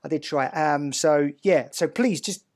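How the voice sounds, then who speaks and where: A man's voice: on the high side, unhurried, a little mellow. A man with a Southern English accent hosting an interview podcast in a chatty, encouraging way, full of restarts. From south of England. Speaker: podcast host. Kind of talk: casual interview chat. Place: home, northern England, evening.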